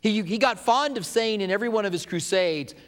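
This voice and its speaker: A man's voice: high voice, a little fast, a bit bright, long reverb tail. A man preaching a sermon as pastor, with an emphatic, repetitive cadence.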